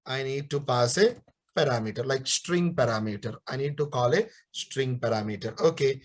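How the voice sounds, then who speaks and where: A man's voice: mid-range voice, measured pace. A young man teaching a live online coding class, scolding and encouraging students and repeating his questions. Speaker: programming teacher.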